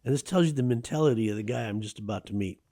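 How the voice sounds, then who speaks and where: Gravelly man telling a story. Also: mid-range voice, rapid-fire. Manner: animated, conversational storyteller. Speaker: guest author. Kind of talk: radio interview storytelling.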